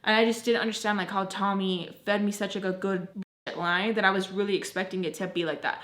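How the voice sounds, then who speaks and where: A young woman telling a personal story in a casual, chatty way, full of "like", with animated retelling. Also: medium pitch. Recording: roomy echo.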